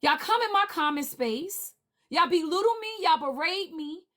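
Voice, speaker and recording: A woman with a high-pitched voice delivers a heated livestream rant. She hammers the same demands over and over in an indignant, forceful way. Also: animated, normal speed. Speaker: livestream panelist.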